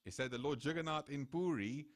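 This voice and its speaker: A man's voice: a little high, a little fast. A man giving a temple talk, telling a devotional story and acting out the characters' voices. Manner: animated, acts out quoted voices. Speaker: temple speaker. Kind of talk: sermon storytelling.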